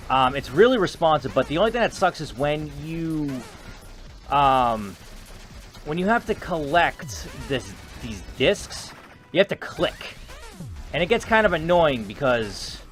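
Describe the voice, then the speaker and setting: A man giving rambling, joking gameplay commentary, excitable and chatty. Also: fairly high pitch. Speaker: gaming video host.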